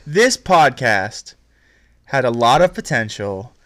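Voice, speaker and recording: A man's voice: medium pitch, very animated, takes it slowly, fairly bright tone, no echo, studio quality. A young man co-hosting a podcast, joking and teasing his friend in casual banter. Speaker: podcast co-host. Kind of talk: casual chat.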